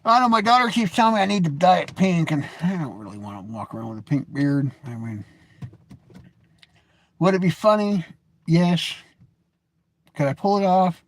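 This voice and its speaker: A man's voice: fairly high pitch, big pitch swings, normal speed, pauses often. An American man in his forties, talking to camera in a rambling, jokey and blunt monologue as a vlogger. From United States. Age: 40s. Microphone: webcam or phone camera, seated.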